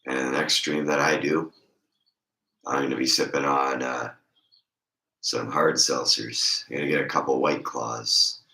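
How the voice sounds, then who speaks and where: A man chatting casually on a stream with a congested throat, talking in a slow ramble; his voice squeaks and crackles when he raises it. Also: level tone, creaky, bright, forceful tone, roomy sound.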